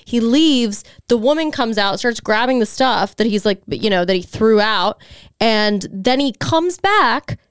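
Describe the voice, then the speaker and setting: A woman hosting a podcast, chatting casually and telling stories in a blunt, profane, animated way. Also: fairly high pitch, measured pace, clean tone, no echo, clean studio sound. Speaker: podcast host and comedian.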